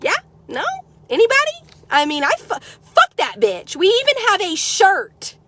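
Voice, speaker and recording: A middle-aged woman from the United States, ranting sarcastically in a vlog and swearing constantly, swinging from loud outbursts to low mutters. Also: huge pitch swings, unhurried, noisy background. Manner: heavy swearing, sarcastic, combative. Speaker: horse trader vlogger.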